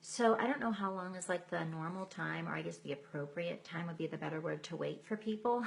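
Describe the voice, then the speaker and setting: Chatty woman with a low, gravelly voice. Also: fairly quick. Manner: chatty, greets viewers by name; self-deprecating, laughs often. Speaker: live stream host. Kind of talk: casual live chat.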